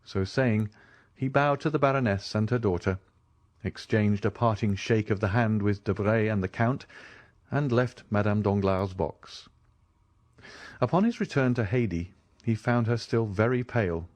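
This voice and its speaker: A man narrating a classic novel as an audiobook reader, expressive storytelling. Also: fairly low pitch, moderate pace, dry recording.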